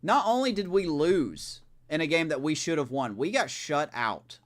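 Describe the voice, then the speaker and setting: Man, gameplay streamer, casual live commentary, lively pitch, exasperated reactions. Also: normal speed. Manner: animated, talks to himself, exasperated reactions. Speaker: video game streamer.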